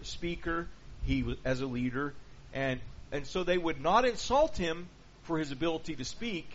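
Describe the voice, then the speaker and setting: A man preaching in a conversational teaching style, checking in with his listeners through rhetorical questions. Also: a little high. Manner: peppers points with rhetorical "okay?" and "right?". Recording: dull lo-fi recording with faint background noise.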